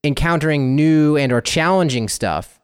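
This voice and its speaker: A man's voice: a little high, normal speed, smooth. A man co-hosting a casual discussion podcast, thinking aloud with plenty of fillers and acting out little inner voices. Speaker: podcast co-host.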